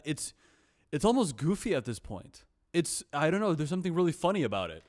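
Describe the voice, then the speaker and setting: A man's voice: fairly high pitch, a little mellow. A man vlogging in a casual, reflective monologue. He is self-deprecating and repeats himself.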